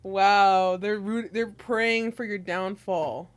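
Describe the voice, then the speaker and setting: A woman's voice: medium pitch, fairly even intonation, takes it slowly, dry recording. A young woman streamer chatting casually with her viewers, teasing and giggling as she reads the chat aloud.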